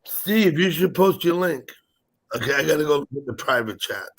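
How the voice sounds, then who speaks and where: A man's voice: a little high, animated, normal speed, a little hiss or hum. A man hosting a live stream, chatting casually, teasing his guests while he keeps an eye on the chat. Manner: joking, teasing, distracted by chat. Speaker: stream host.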